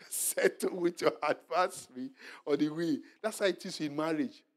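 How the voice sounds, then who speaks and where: A male pastor leading a Bible study sermon, animated and exhorting, repeating his points and dropping to a hushed murmur for soft asides. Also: fairly high pitch, a little slow. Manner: animated preaching, drops to a hushed murmur when acting out apologies; repetitive, exhorting. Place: church hall.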